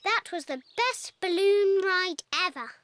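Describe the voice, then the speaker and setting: A woman's voice: very high voice, animated, measured pace, slight background noise, exaggerated voice. Bossy little piglet girl. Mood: chatty. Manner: bright, bossy, chatty. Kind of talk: children's cartoon voice acting. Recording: cartoon soundtrack with music.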